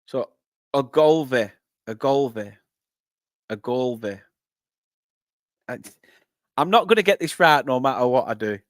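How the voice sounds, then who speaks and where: A young northern English man hosting a live football watchalong, chatting with viewers and breaking into excited play-by-play. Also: mid-range voice, fairly quick, no echo, clean studio sound. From northern England. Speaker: fan channel host.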